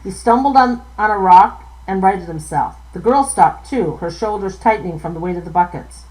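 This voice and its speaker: A woman's voice: medium pitch, lively intonation, normal speed, hardly any pauses, darkish tone, rough recording. Woman, author, live novel reading, stumbles and self-corrects.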